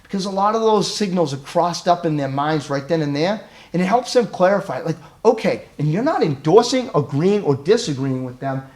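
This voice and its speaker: Animated man giving a training talk. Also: on the high side, brisk. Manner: animated, acts out scenarios in quoted voices; conversational, checks in with "right?". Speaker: crisis-intervention trainer. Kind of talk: training presentation.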